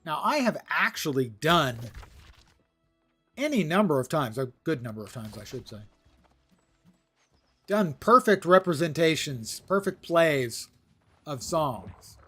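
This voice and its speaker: A man's voice: fairly high pitch, big pitch swings, unhurried, pauses often, pushed and bright, breathy edge, soft background music. A man livestreaming a game, giving casual commentary in a wry, self-deprecating way.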